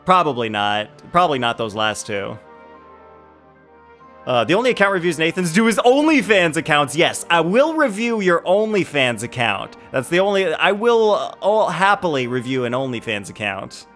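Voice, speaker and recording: A man's voice: a little high, fairly bright tone. A man streaming a game, chatting and joking playfully with his viewers. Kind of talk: casual livestream chat.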